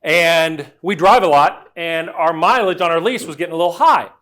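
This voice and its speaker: A middle-aged man giving a lively storytelling talk, swinging from loud to quiet as he acts out the voices he quotes. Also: a little high, moderate pace. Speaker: speaker.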